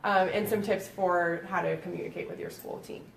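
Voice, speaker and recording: A woman with a Boston accent gives an educational talk as a nurse, explaining things in a friendly way with plenty of "um"s. Her voice has a gravelly edge. She is picked up from a distance in an echoey room, with faint noise underneath. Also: on the low side, fairly even intonation, normal speed. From Boston, USA. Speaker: pediatric epilepsy nurse presenter. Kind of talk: educational presentation. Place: library meeting room.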